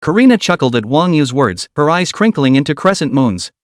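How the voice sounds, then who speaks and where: A man reading a scripted story recap as narrator, keeping an even storytelling read. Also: a little high, a little fast, no room sound, studio quality.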